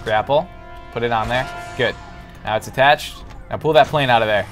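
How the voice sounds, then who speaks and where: A man's voice: mid-range voice, normal speed, a bit bright, soft background music, rough recording. A young man co-hosting a gaming show, giving bossy, joking backseat directions over gameplay. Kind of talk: casual gameplay banter.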